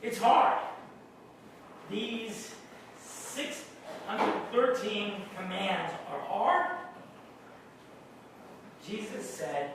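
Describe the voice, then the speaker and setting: A male pastor giving a sermon, speaking slowly and deliberately and putting questions to his congregation. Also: sits high, expressive, background noise. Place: church hall. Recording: very echoey room, mic far off.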